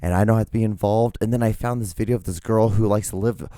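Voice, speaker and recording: A man's voice: fairly low pitch, steady tone, fast talker, warm tone, no room sound, studio quality. A man hosting his own podcast in a casual, rambling solo monologue, profane and self-mocking. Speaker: podcast host.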